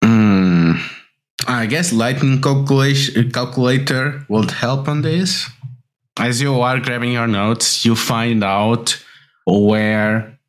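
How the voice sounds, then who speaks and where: A man narrating a tabletop role-playing game as game master, slow and hesitant with frequent pauses. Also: mid-range voice, fairly even intonation.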